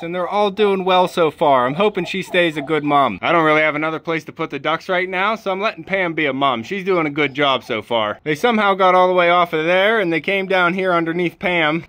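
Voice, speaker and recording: A man doing casual vlog narration during farm chores, talking softly and fondly to his animals in a barn. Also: on the high side. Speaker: homesteader. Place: barn and animal pen, indoors. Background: chickens clucking.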